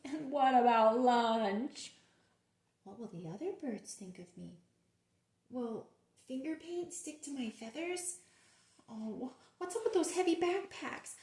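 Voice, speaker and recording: A fretful young pigeon, put on by a woman reading aloud, frets in high, swooping, whiny questions. His voice leaps all over the place with dramatic worry. The sound rings in a roomy, echoing space. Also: lively intonation, slow pace, a little mellow, exaggerated voice. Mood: worried. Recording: roomy echo.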